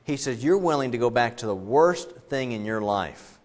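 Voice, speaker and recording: A man's voice: mid-range voice, lively intonation, moderate pace. A man preaching a sermon as a pastor, conversational and joking as he retells the story.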